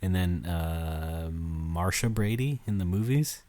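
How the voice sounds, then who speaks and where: Low-voiced, wry male podcast host. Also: slow, dark tone, no echo. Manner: wry, swearing, laughs a lot, tells stories. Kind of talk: casual podcast chat.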